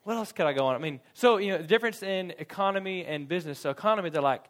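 A man's voice: high voice, fairly quick. A young man preaching a sermon, telling a funny personal story with frequent laughter and acted-out quotes. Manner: animated storytelling, laughs often, acts out quotes.

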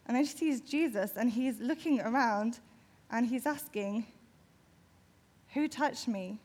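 A woman's voice: fairly high pitch, normal speed, a little mellow, husky. A woman giving a sermon, retelling a Bible story vividly and imaginatively. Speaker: preacher.

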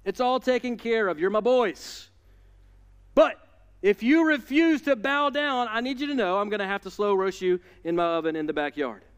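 A man's voice: high-pitched, expressive, moderate pace, fairly bright tone, clean tone. A preacher putting on a coaxing, menacing king. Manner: wheedling and coaxing, turning to threats. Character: smooth-talking, menacing ancient king, middle-aged man. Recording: long reverb in a large hall.

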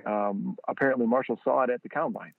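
Founder guest, male, low gravelly voice, animated storyteller, dry phone-line sound. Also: quick pace, no room sound. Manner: animated storyteller, acts out quotes in a higher voice. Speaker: guest, football training product founder. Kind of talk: casual storytelling interview. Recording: tinny phone-line audio.

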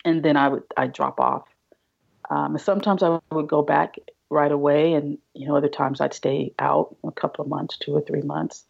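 A woman guest on a podcast, telling her story in a halting way, restarting and repeating words. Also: sits low, fairly even intonation, gravelly, breathy edge, lo-fi sound. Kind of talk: casual interview storytelling.

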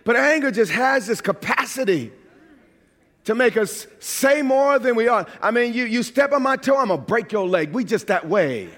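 High-pitched preacher guy, new york accent, gets loud then drops low. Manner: emphatic preaching, swings from quiet to shouting. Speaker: pastor. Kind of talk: sermon.

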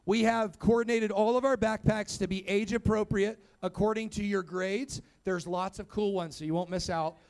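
A man's voice: sits high, fairly even intonation, moderate pace, few pauses, darkish tone. A young man, a pastor, preaching to kids and adults in a church, telling his story with rising emphatic calls. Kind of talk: sermon to youth and church. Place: church sanctuary.

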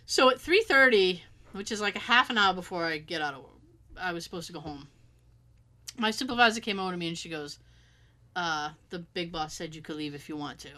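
A woman's voice: lowish voice, expressive, a little fast, bright, forceful tone. A woman casually telling a story and acting out the quotes, swearing freely.

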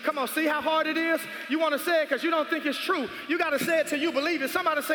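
Male pastor, very high voice, repetitive emphatic sermon delivery with shouting peaks, recorded in a long-reverb church hall. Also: fairly even intonation, racing, hardly any pauses, a crowd in the background, background noise. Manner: emphatic call-and-response preaching with repetition. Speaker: preacher. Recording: echoey hall with music behind. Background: music.

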